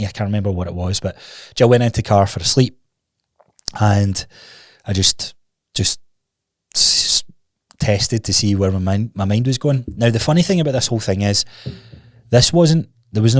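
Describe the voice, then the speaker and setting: A man's voice: fairly low pitch, no echo, clean studio sound. A man hosting his own podcast, telling a personal story in a candid, rambling way, restarting sentences and swearing casually. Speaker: podcast host. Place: recording studio.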